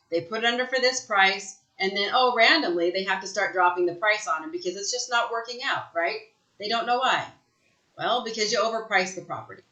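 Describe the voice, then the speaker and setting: Woman coaching sales agents, punchy and emphatic, lots of "right?", bright voice in a roomy echo. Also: mid-range voice. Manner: emphatic, frequent "right?" check-ins. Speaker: real estate sales trainer. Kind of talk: live training talk.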